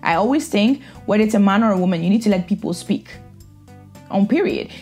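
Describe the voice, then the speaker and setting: A woman's voice: mid-range voice, animated, fairly quick, a little mellow, faint music behind. A woman vlogger giving casual, opinionated reaction commentary in a blunt, sassy way.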